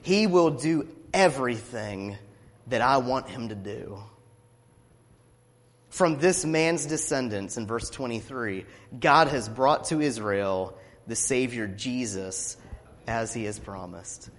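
A pastor preaching a sermon, passionately building up to loud declamation as he reads scripture. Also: medium pitch, animated, slow. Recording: long reverb of a hall.

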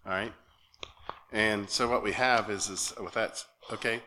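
Male lay preacher, nervous and earnest, bright tense tone, halting delivery with frequent check-ins. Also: on the low side, steady tone, a little hiss or hum. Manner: earnest and halting, often asks "okay?". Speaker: lay speaker at church. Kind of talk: sermon. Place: church sanctuary.

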